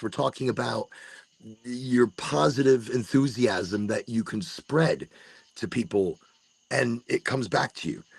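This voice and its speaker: A man's voice: medium pitch, creaky, husky, dry recording. A man hosting a casual late-night podcast monologue outdoors on rural land, rambling and restarting his words as he drifts between jokey asides and earnest encouragement. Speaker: podcast host. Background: crickets and insects.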